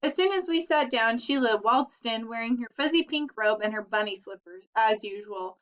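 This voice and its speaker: A woman's voice: a little high, normal speed. Woman reading a children's story aloud. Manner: lively, expressive reading. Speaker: audiobook reader. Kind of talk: storybook narration. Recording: dull lo-fi recording.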